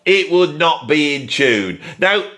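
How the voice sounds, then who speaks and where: A man ranting sarcastically about music as a video host. His voice is bright and forceful, with a raised pitch that swings widely. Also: big pitch swings, takes it slowly. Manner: sarcastic, exasperated.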